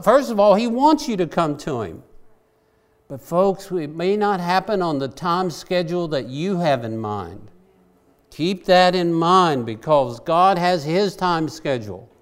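A male preacher, his voice sitting a little high for a man. He talks to his congregation earnestly and plainly, and climbs into passionate, pleading outbursts. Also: clean tone. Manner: earnest, rising to impassioned pleading. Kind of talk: sermon.

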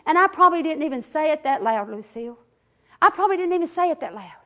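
A woman preaching a Pentecostal sermon in church, swinging from hollering to a hushed near-whisper. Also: high-pitched, lively intonation, fast talker. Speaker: pastor. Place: church sanctuary.

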